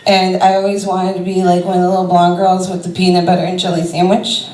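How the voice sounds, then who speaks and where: A woman's voice: fairly low pitch, monotone, fast talker, a little mellow. A woman doing a stand-up comedy set, talking in a rambling, conversational way with lots of fillers. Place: comedy club stage before a crowd. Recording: roomy club sound from a distance.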